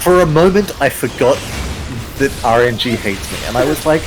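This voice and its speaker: A man's voice: medium pitch, animated, normal speed, background noise. A man chatting while gaming, self-deprecating and swearing freely. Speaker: gaming companion. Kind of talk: casual chat while gaming.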